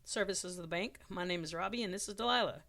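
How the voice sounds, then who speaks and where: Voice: medium pitch, quick pace, bright, forceful tone. A reader voicing a bold, confident young woman rider from the frontier, teasing and forward.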